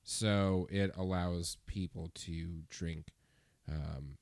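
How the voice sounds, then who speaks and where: A man's voice: low voice, fairly even intonation, very slow, a little mellow, no room sound, clean studio sound. A man co-hosting a history podcast in casual chat, laid-back and chuckling as he hunts for words. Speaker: podcast co-host.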